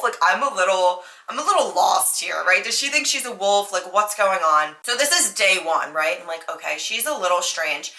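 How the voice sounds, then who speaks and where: A woman's voice: medium pitch, lively intonation, a little fast, sharp tone. A young adult woman hosting a podcast, telling a story in a chatty way with lots of fillers and acted-out quotes. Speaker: podcast host. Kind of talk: casual storytelling monologue. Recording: echoey room.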